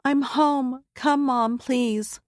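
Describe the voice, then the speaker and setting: Woman narrator doing a distraught twenty-something woman, tearful and pleading, raised higher voice, dry booth sound. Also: steady tone, very slow, no echo. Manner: pleading, breathless urgency. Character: terrified young woman in her twenties, shaken and crying. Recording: dry close studio sound.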